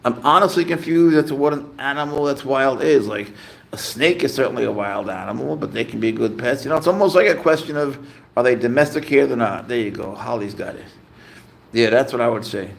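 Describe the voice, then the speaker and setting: A man's voice: mid-range voice, lively intonation, fairly quick, creaky. A man hosting a casual livestream, chatting easygoing and rambling while he answers viewer comments. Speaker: livestream host and pet owner.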